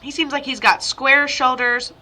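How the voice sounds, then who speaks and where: Bright, high-voiced woman medium. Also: moderate pace. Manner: chatty and rambling, with sudden excited outbursts. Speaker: psychic medium. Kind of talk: spirit reading for a client. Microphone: video call.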